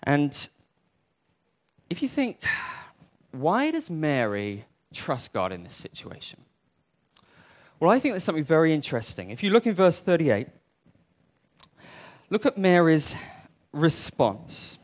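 A man preaching a sermon in an animated way, acting out the voices he quotes. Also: a little high, measured pace, long pauses.

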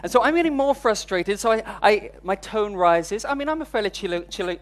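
A man's voice: high-pitched, expressive, normal speed. A man preaching a sermon, telling a personal story in a candid, self-deprecating way. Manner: storytelling, voice rising when recounting frustration.

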